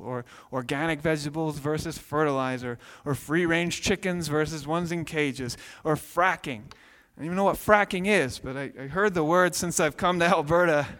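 A man in his thirties, a pastor preaching a sermon with animated storytelling, acting out voices. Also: on the high side. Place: church sanctuary. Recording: long hall reverb.

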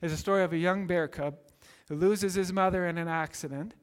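A man preaching a sermon, telling a story earnestly and building to excited peaks. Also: high voice, fairly quick, clear, resonant tone. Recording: long hall reverb.

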